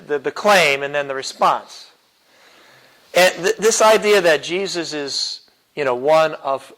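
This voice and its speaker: A man with a slightly high voice leads a church classroom lesson. He talks loosely and often chuckles, with plenty of fillers and false starts as he works through his points. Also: fairly bright tone, poor audio. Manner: casual and chuckling, many fillers and restarts. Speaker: apologetics teacher. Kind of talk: classroom lecture.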